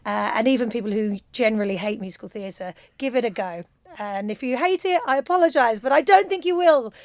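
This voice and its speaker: A woman's voice: fairly high pitch, fairly quick, dry recording. A middle-aged woman from London with a London accent, a choreographer and director chatting enthusiastically as a radio interview guest on a studio mic. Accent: London English.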